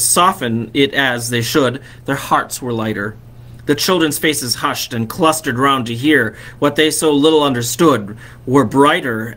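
A man, a vicar, reading a classic story aloud expressively and slowing on key phrases. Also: mid-range voice, bright, forceful tone.

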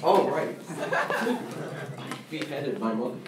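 A young man performing stand-up comedy and emceeing a college show, animated and loud in his bits. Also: mid-range voice, slow pace. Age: young adult. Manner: animated, shouts during acted-out bits. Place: college comedy club room. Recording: echoey room, mic far off, crowd and noise.

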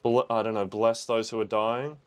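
A man's voice: fairly low pitch, level tone, normal speed. A young man, chatting and exclaiming as he reacts to a film for the first time. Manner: chatty, exclaims and thinks aloud. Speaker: reaction video host. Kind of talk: casual film reaction commentary.

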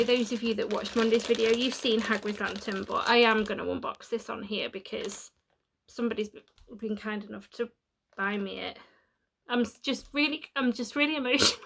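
A woman's voice: fairly high pitch, creaky, a bit bright. A woman chatting through a home unboxing vlog, emotional and tearful, laughing at herself. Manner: chatty, self-deprecating, emotional. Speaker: YouTuber. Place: home room.

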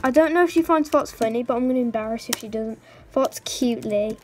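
A woman's voice: on the high side, fast, a little mellow, soft background music. A woman hosting a casual game commentary, giggling, teasing and chattering playfully to the characters on screen. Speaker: gaming channel host.

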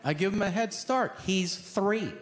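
A man's voice: high-pitched, unhurried, very noisy. A man doing a stand-up comedy routine on stage, telling profane stories and acting out other people in shifted voices. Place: comedy stage before a live audience.

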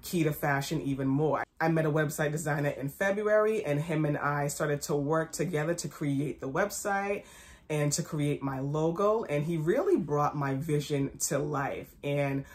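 A young woman who runs her own fashion blog tells a personal story to camera in a low voice at a moderate pace. She's emphatic, repeating phrases for effect and acting out what people said.

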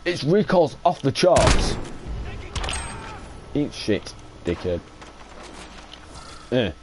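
Young guy yelling and swearing at a shooter game, voice jumping all over, slow drawl, faint hiss behind. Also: mid-range voice. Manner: excitable, swears a lot, shouts at the game. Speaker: gaming streamer. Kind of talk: live gameplay commentary.

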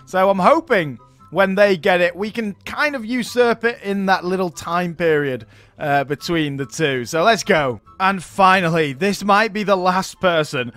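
A man's voice: high voice, a little slow, a bit bright, faint music behind. A man giving chatty gameplay commentary as he plays, chuckling often between remarks. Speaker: gaming YouTuber.

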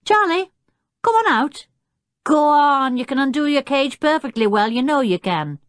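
A woman voicing a cheerful circus boy who is proud of his chimpanzee, talking in a bright, eager, chatty way. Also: medium pitch, sing-song, normal speed, dry recording, studio quality, pitched above the performer's own voice, natural voice.

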